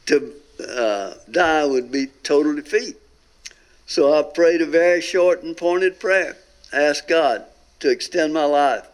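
A man's voice: on the high side, a little slow. A man earnestly tells his testimony as a guest, stretching out emphatic phrases. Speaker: guest telling a near-death experience. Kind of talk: recorded testimony talk.

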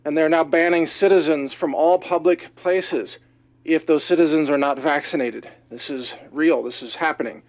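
A man delivering an urgent, alarmed news monologue, slightly out of breath, talking rapidly and emphatically. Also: on the high side, rough recording. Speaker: news commentator.

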